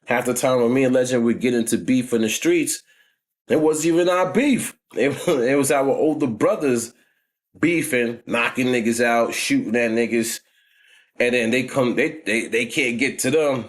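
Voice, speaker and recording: A man's voice: medium pitch, moderate pace. A man in his forties with a New York accent, telling stories from his past in a casual vlog, heavy on street slang and frequent "you know what I'm saying.". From New York, United States. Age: 40s. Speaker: vlogger. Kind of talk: casual storytelling.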